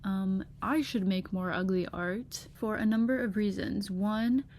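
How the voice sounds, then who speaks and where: A woman's voice: mid-range voice, a little slow, a little mellow. A young woman vlogging in casual chat, talking through her laptop webcam, chatty and gushing with lots of fillers.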